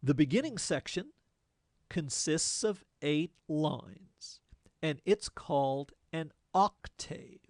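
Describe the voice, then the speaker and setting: A man lecturing like a teacher, slow and measured, his voice carrying a gravelly, creaky edge. He explains things step by step in a plain-spoken way and drops in the odd folksy aside. The sound is close and dry, with no room around it. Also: on the high side, animated, darkish tone, no room sound. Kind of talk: lecture explaining poetic form.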